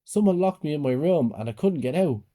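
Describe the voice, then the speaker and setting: A boy who is picked on by his family speaks in a pleading, strained voice, pitched a little above the teller's own, as a man puts him on. The tone stays soft and mellow, with an edge of hurt in every line. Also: lively intonation, fairly quick, close to an everyday voice.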